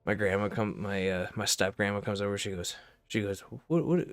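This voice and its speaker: Low-voiced profane streamer ranting. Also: male voice, fairly quick, clean tone, no echo, faint music behind. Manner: profane, rambling, animated. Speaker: gaming streamer. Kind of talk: casual streaming rant.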